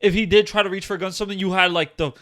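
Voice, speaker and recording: A man's voice: high-pitched, steady tone, racing, pushed and bright. A man in his twenties co-hosting a casual podcast, telling stories with lots of fillers and swearing. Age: 20s. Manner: rambling, profane, filler-heavy storytelling. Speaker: podcast co-host. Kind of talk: casual chat.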